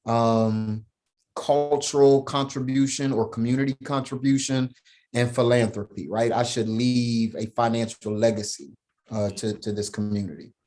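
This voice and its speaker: A man guesting on a podcast, talking casually in an animated, slangy way and punctuating his points with "right?". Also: mid-range voice, a little slow. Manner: slangy, emphatic, laughs while telling stories. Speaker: podcast guest, founder of a men's program. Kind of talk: animated storytelling, casual talk.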